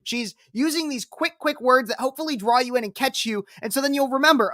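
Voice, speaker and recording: A woman's voice: high-pitched, fairly quick, few pauses, a bit bright, no echo, studio quality. A woman political commentator reacting to a speech clip, talking in an emphatic, repetitive and combative way.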